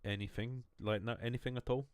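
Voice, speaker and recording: A man's voice: mid-range voice, steady tone, fairly quick, smooth, no room sound. A man streaming a game, chatting casually in a rambling, joking way, mocking himself and swearing freely. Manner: loose, wandering talk with restarts. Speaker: gaming streamer.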